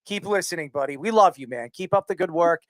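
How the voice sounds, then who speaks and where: A man's voice: on the high side, lively intonation, fast, a bit bright, no room sound, poor audio. A man hosting a casual sports podcast, rambling and emotional, dropping his voice when moved. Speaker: podcast host.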